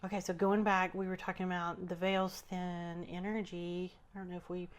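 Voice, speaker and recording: A woman who works as a spiritual healer, talking thoughtfully on a podcast, often trailing off and restarting, with soft laughs. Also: fairly low pitch, flat delivery, moderate pace, smooth. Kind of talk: casual podcast conversation.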